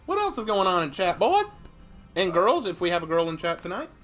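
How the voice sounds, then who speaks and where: Bright, lively young male streamer. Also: high voice, fairly quick. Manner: playful, laughs often. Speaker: streamer and host. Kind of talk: casual chat while gaming.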